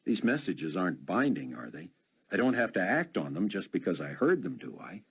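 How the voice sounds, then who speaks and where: A man's voice: low voice, big pitch swings, normal speed, creaky, fairly bright tone, breathy edge, heavily acted. A man voicing a worried, defensive young man questioning his situation.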